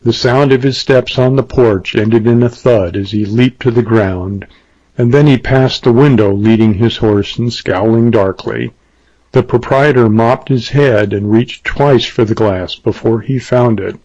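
A man narrating a western novel in a measured storytelling manner. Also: medium pitch, darkish tone. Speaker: audiobook narrator. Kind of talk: scripted narration. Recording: dull lo-fi dry recording.

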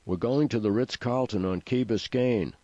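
A man voicing a flustered young groom shouting over loud music. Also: medium pitch, moderate pace, dry recording, lo-fi sound, voice pushed up, natural voice. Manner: raised, insistent voice.

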